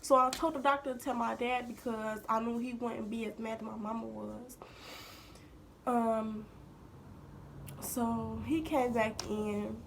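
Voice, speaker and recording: Young woman telling a story, gravelly. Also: on the high side, fairly even intonation, a little slow, pauses often, a little hiss or hum. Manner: chatty, addresses viewers directly, drops into hushed asides. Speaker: vlogger. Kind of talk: casual storytime to viewers.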